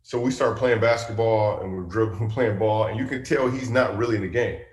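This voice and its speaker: Animated comedian telling a story, echoey studio. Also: male voice, lowish voice, brisk. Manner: animated, punchline-driven storyteller with playful asides. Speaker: comedian guest. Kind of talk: comic storytelling in a talk-show interview.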